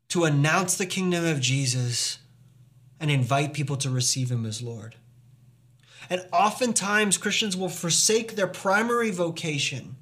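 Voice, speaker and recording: High-voiced man preaching emphatically. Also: a bit bright. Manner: earnest, emphatic preaching with rhetorical questions. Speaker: pastor. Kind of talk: sermon.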